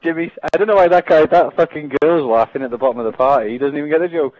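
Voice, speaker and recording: A man's voice: a little high, rapid-fire, dry recording, muffled recording. A young man on a gaming headset, chatting casually and mocking others with sarcastic, swear-heavy banter. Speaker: gaming vlogger. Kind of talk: casual party chat.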